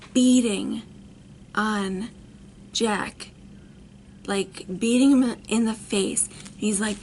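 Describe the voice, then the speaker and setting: A woman's voice: medium pitch, creaky, a little hiss or hum. A woman in her thirties telling a personal story as a vlogger, rambling with many fillers. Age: 30s. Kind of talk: storytime monologue.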